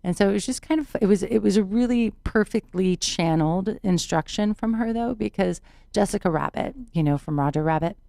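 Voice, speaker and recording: A woman's voice: mid-range voice, a little fast, vocal fry, dark tone, no room sound. A woman guest on a podcast interview, earnestly telling a personal story and repeating words for emphasis. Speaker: podcast guest, spiritual teacher.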